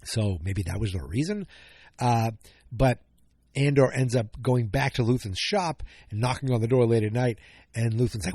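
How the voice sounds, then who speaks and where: A man's voice: mid-range voice, moderate pace, darkish tone, slightly rough, no room sound. A man hosting a casual solo podcast recap, thinking aloud with many fillers and self-corrections, sounding a bit tired. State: yawning, tired. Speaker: podcast host.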